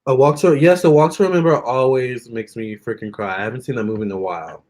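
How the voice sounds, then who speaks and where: A young man chatting casually with viewers during a live stream, expressive and talking straight to his audience. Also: medium pitch, fast. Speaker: live-stream tarot reader.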